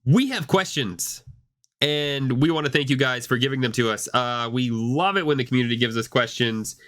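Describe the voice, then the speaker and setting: A man's voice: mid-range voice, steady tone, a little fast, fairly bright tone. A man co-hosting a gaming podcast, chatting casually and rambling with many restarts, fighting off a cough. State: hoarse with a cough. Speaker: podcast co-host.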